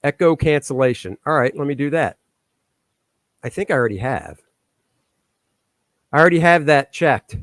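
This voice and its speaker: Hosting a relaxed live stream from his home studio, a man chats and jokes easily while fixing his own setup. His mid-range voice has lively intonation and a normal speed, with frequent pauses. A stand microphone captures him close and dry, with no room sound.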